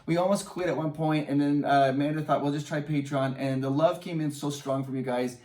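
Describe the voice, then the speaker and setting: A man's voice: fairly high pitch, fairly even intonation, a little fast, a little mellow, far from the mic. Upbeat man in an echoey room. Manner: upbeat, enthusiastic, laughs often. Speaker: vlog host. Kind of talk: casual chat reading viewer answers.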